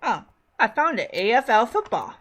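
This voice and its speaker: A woman's voice: on the high side, very animated, normal speed, fairly bright tone. A woman hosting a casual chat show, talking in a rambling, chatty way and often correcting herself. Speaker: podcast host.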